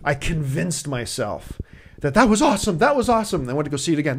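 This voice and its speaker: Excitable man with a lively voice. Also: a little high, fast talker. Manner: excitable, animated storyteller. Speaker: movie show host. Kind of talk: casual chat.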